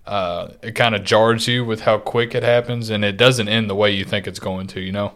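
Male co-host, low pitch, ribbing and profane, casual. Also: fairly even intonation, moderate pace, fairly bright tone. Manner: teasing, joking, profane. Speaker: podcast co-host. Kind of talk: casual chat.

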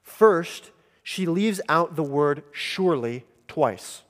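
A man's voice: a little high, lively intonation. Emphatic preacher man in a reverberant hall. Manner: deliberate, emphatic teaching. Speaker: pastor. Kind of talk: sermon.

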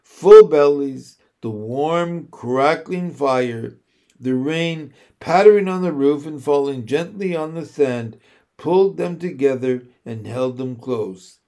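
Slow, measured male storybook reader. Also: a little high, dark tone. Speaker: audiobook reader. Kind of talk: scripted narration.

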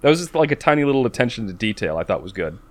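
A man's voice: medium pitch, big pitch swings, very fast. A man co-hosting a podcast in casual chat, talkative, repeating words as he starts a thought. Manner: talkative, repeats words when starting, quotes lines in a put-on voice. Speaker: podcast co-host.

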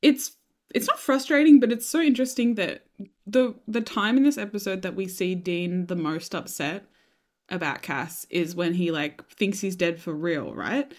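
A woman's voice: on the low side, moderate pace. A woman co-hosting a fan podcast in casual chat, musing aloud and agreeing along. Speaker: podcast co-host.

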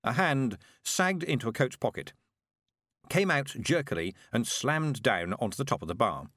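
A man narrating a comic fantasy audiobook with dry, expressive storytelling. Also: mid-range voice, moderate pace, no echo.

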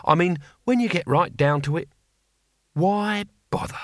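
Cast: a man playing an old barbarian, gruff, blunt and coarse, lively and bright, audiobook. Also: on the high side, moderate pace, no room sound, clean studio sound, heavily acted. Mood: weary. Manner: gruff, plain-spoken, rambling.

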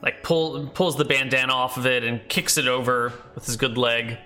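A man's voice: medium pitch, flat delivery, normal speed, bright, forceful tone, soft background music. A man running a tabletop game as game master, narrating casually with lots of fillers.

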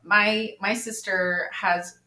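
A young woman hosting a podcast, speaking openly and confessionally, quick to laugh and get emotional. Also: mid-range voice, steady tone, pushed and bright, reverberant. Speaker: podcast host. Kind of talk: candid conversation.

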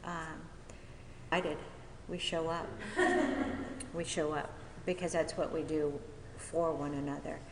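A woman giving a personal testimony from a podium at a recovery meeting, talking haltingly with many fillers and restarts. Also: low-pitched, little pitch movement, slight background noise. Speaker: speaker sharing at a recovery meeting. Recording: echoey hall with long reverb.

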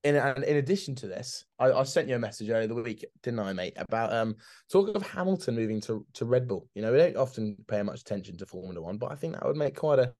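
A man's voice: mid-range voice, animated, fast talker, a little mellow. A man, co-hosting a casual sports podcast, laughing often, calling his friend mate, and repeating words as he goes. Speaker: podcast co-host.

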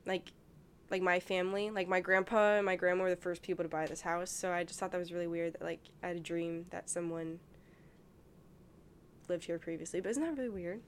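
A woman's voice: lowish voice, fairly even intonation, a little fast, a little hiss or hum. A young woman chatting casually as a podcast co-host, rambling through a dream story with lots of "like". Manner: rambling, heavy use of "like". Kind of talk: casual chat, telling a dream.

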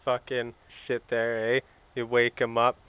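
A man co-hosting a podcast, joking crudely in casual banter and bursting into shouted bits. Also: mid-range voice, monotone, measured pace, clean tone, no echo. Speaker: podcast co-host. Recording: phone-like narrow sound.

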